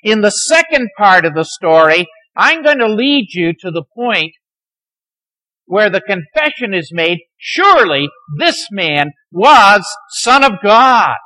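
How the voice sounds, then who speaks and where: A man lecturing a class on the Bible, telling its stories dramatically and sometimes dropping to a near hush. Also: sits high, very animated, slow pace, poor audio. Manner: dramatic storytelling, dropping to near hushed tones.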